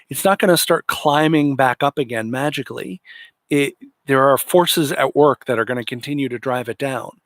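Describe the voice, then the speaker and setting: A man's voice: medium pitch, normal speed, a bit bright, no echo. A man hosting a political commentary livestream, talking in an indignant, sarcastic way. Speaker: livestream host.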